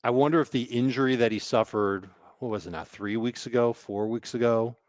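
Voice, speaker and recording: Male co-host, casual and playful, middle pitch, dry mic. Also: fairly quick, darkish tone, no room sound. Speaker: fantasy football host. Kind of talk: casual podcast discussion.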